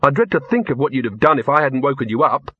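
An earnest young man, read by a male narrator in an audiobook, encouraging yet apprehensive. His voice is husky, and the recording sounds dull and dry. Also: medium pitch, animated, fast talker, no echo. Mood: reassuring. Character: earnest young man, anxious but hopeful.

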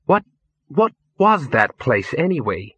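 A man's voice: mid-range voice, sing-song, slow, sharp tone, breathy edge, dry recording, heavily acted. A man voicing a frightened, bewildered young woman who speaks uncertainly and tries to stay reasonable.

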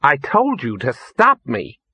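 A bewildered young woman, as a male narrator puts her on in an audiobook, small-voiced and uncertain. The narrator's voice is husky, with a dull, dry recording. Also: medium pitch, huge pitch swings, slow pace, dry recording, heavily acted. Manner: uncertain, trying to stay reasonable.

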